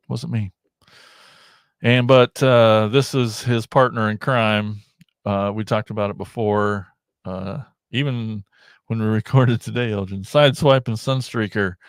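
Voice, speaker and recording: Chatty low-voiced male podcast host. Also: no echo, clean studio sound. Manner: rambling, chatty, with frequent restarts. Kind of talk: casual livestream chat.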